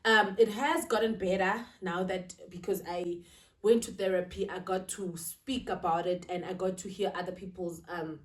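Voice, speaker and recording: Woman vlogger, confiding and emotional, mid pitch, mic set back in an echoey room. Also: fairly even intonation, moderate pace. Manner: emotional, confiding, checks in with "right?". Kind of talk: casual talk to camera. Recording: roomy, slightly distant.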